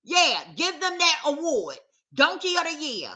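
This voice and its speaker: A woman's voice: sits high, sing-song, unhurried, bright, forceful tone. A woman vlogger talking straight to camera in a casual, emphatic rant, circling back to the same points with heat. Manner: emphatic, repetitive, heated.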